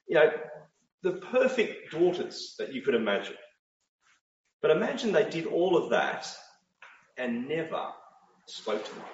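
A middle-aged man preaching a sermon, emphatic and full of rhetorical questions. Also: mid-range voice. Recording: roomy, distant, dull sound.

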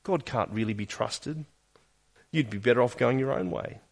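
Man, pastor, sermon, earnest, questioning, swings between emphatic and hushed. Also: medium pitch, moderate pace, vocal fry. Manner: earnest, questioning, with emphatic rises and quiet drops.

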